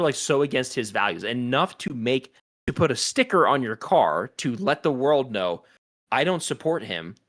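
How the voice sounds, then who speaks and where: A man co-hosting a casual podcast, ranting about a pet peeve with lots of swearing and frequent laughter. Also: mid-range voice. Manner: profane, animated, laughing often. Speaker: podcast co-host.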